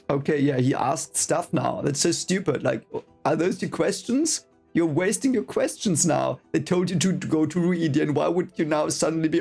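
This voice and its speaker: A man's voice: a little high, expressive, normal speed, gravelly, darkish tone, breathy edge, soft background music. A man reading a fantasy novel aloud for the first time and ranting in frustration, apologizing and repeating himself as he vents. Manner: frustrated, swearing, apologetic rants with repeated phrases. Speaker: book reaction reader.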